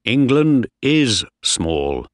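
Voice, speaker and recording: Casting: man playing a tired, calm young officer, slow and low, dry sound. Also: no room sound. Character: tall, weary young male ship's officer.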